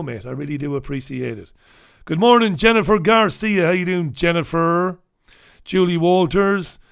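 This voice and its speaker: Irreverent British male livestream host. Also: fairly high pitch. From United Kingdom. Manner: irreverent, swearing, chuckling. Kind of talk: casual solo livestream, reading papers and greeting viewers.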